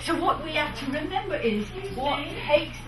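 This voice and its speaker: Animated woman teaching accents, roomy. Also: high voice, normal speed. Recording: roomy, from far off, noisy.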